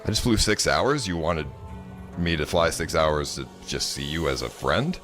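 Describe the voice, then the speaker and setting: A man's voice: a bass voice, animated, moderate pace, fairly bright tone, soft background music. A man telling a personal story in a casual, rambling way, frustrated and full of filler words.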